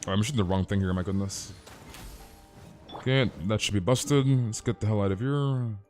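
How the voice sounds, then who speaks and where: A man's voice: lowish voice, a little mellow, faint music behind. Emphatic, ranting male game streamer. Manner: emphatic, ranting, peppered with "dude" and mild swearing; stammers with quick repeated restarts. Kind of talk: casual live-stream chat while gaming.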